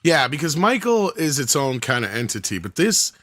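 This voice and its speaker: A man co-hosting a casual livestream chat, joking and trading quick asides. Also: on the high side, very animated, a bit bright. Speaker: co-host.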